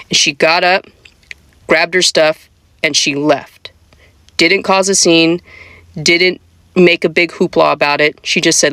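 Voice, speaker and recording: A speaker makes each point with emphasis, repeating phrases for effect. The pitch sits in a middle range. The sound is dry and close, with no room echo. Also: moderate pace, bright, forceful tone. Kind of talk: casual commentary.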